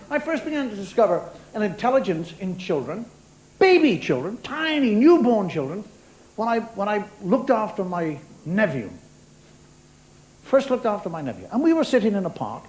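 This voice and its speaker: High-voiced man doing stand-up. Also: huge pitch swings, normal speed, low-quality recording. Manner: chatty, wry, talks straight to the audience. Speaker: stand-up comedian. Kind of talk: stand-up monologue. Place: TV studio with a live audience.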